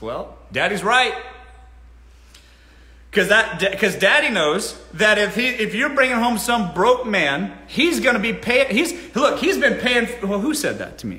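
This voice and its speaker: A man's voice: high-pitched, big pitch swings, unhurried, pushed and bright. A man hosting a casual live Q&A, talking bluntly and swearing freely. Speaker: host. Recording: roomy echo.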